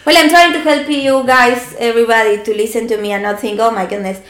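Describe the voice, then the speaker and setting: A middle-aged woman with an Argentinian Spanish accent, talking fast and restarting her sentences in casual conversation. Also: fairly high pitch, steady tone, fairly bright tone, reverberant.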